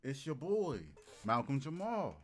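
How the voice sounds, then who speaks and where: A man livestreaming and riffing comically to his chat, animated and hyped, repeating lines for laughs. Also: a little high, measured pace. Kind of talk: casual comedic riffing to a live chat.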